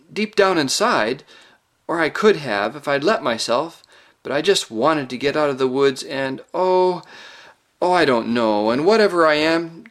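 An anxious young girl speaks in a small, hesitant voice, stumbling over her words, as a male narrator puts her on. She sounds raised in pitch and unsure. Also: fairly bright tone.

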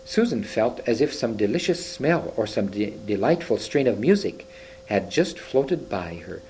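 A man reading a children's story aloud, expressive, with occasional slips and restarts. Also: medium pitch, moderate pace, slight background noise, poor audio. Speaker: reader.

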